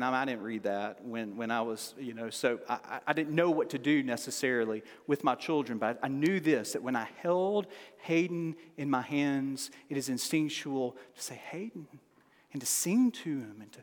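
A man's voice: mid-range voice, animated, moderate pace. A man in his forties, a pastor giving an earnest sermon that builds to fervent emphasis through repeated rhetorical questions. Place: large church room with long reverb. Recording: long echoey hall reverb.

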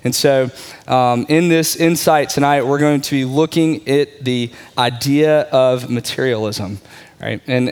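A man's voice: mid-range voice, smooth. A man giving a conversational sermon as a pastor, often checking in with his listeners. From Texas.

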